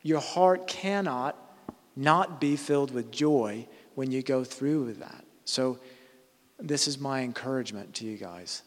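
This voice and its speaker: A man's voice: medium pitch, a little slow, big-room sound. A man preaching a conversational sermon, earnest, often restarting and correcting himself mid-sentence.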